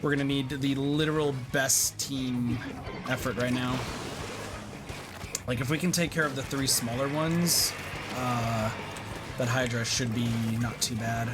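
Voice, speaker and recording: A young man giving live gameplay commentary, excitable and swearing as he reacts out loud, over game music. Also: medium pitch, unhurried. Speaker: streamer.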